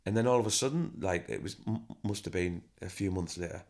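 Chatty deep-voiced man. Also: fairly quick. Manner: chatty, animated storytelling with acted-out quotes. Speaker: band member and manager, guest. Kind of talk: casual interview chat.

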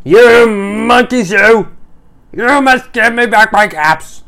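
A woman voicing an exasperated male cap peddler in a picture book read-aloud, scolding loudly. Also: high voice, slow, pitched above the performer's own voice, heavily acted. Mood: angry. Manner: shouting scoldings; street vendor's calling.

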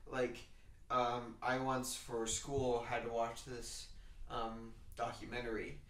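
A young man in relaxed podcast chat, circling his point and restarting sentences as he goes. His voice sits at a middle pitch for a man. It is picked up from some way off the mic in a roomy, echoing space. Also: slow pace, distant mic. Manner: chatty, rambling, restarts sentences. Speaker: podcast co-host. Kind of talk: casual chat.

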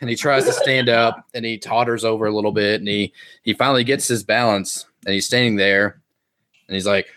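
Man, game master, fairly low voice, playful comic narration. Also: fairly even intonation, fairly bright tone. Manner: playful, puts on quick voices for characters. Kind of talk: narrating a comedic tabletop game.

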